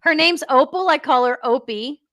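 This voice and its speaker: Playful high-voiced woman co-host. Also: normal speed, fairly bright tone, dry recording, clean studio sound. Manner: playful, teasing, giggly. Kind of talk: casual livestream chat.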